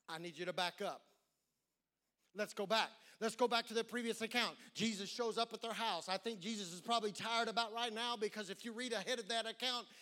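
A man preaching with a high, bright voice. He delivers a sermon dramatically, stretching out key phrases and stumbling through repeated words as he presses his points home. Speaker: pastor.

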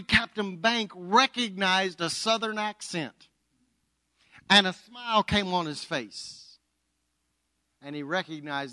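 Male pastor, high bright tone, dynamic sermon delivery. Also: measured pace, dry recording. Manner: dynamic, swings from loud to hushed. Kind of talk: Easter sermon with storytelling.

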